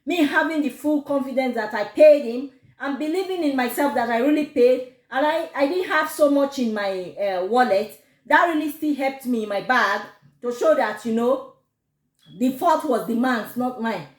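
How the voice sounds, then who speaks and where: A woman with a Nigerian accent telling a personal story to camera, animated and quick to laugh. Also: high-pitched. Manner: animated, laughs often, gives advice. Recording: echoey room.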